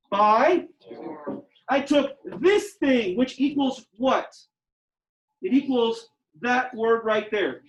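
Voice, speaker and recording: A man teaching a geometry class. He talks in an animated, joking way and rises to near-shouting at times. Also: high-pitched. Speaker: high school geometry teacher. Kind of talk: classroom lecture.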